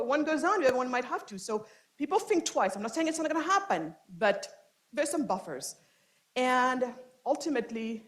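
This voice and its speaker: A woman giving a lecture to an audience, impassioned, swinging from loud emphasis to soft, quiet asides. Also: a little high, rough recording. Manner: frequent restarts and fillers. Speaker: guest lecturer. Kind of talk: speech to an audience.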